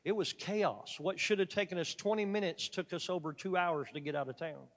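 A man preaching a sermon, telling a story dramatically and swinging from loud emphatic peaks to quiet asides. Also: sits high, a little fast, long reverb tail.

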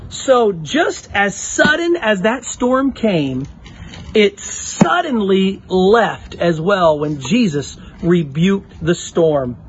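Man, youth pastor, high voice, lively sing-song delivery, lo-fi recording. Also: slight background noise. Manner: animated, talks straight to the kids, acts out the story. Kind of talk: children's sermon with object lesson.

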